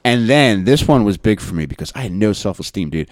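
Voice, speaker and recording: A man with a very deep voice tells crude stories in a deadpan way on a podcast. The recording is close and dry, with no room sound. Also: fairly quick, no room sound. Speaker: podcast co-host. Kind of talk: casual chat.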